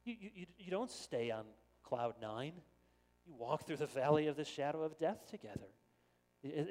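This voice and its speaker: A middle-aged man preaching a sermon as pastor, earnest and animated, with quick stammered restarts. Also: a little high. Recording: long reverb of a church hall.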